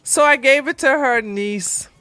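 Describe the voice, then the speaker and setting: A woman's voice: high-pitched, a little slow, sharp tone, dry recording, soft background music. A woman hosting a livestream, chatting casually in a rambling way, laughing often and answering viewer comments. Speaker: livestream host.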